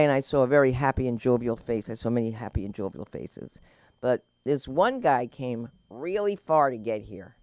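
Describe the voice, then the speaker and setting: An emcee keeps up quick, playful banter between acts. The voice bounces around lively in pitch. The sound is dry and close. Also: no room sound. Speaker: open mic host. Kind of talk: stand-up and emceeing.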